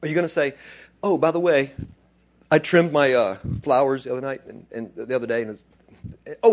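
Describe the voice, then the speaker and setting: Husky animated man preaching. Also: medium pitch, a little fast, pauses often. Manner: swings between quiet asides and loud excited bursts. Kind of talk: animated sermon.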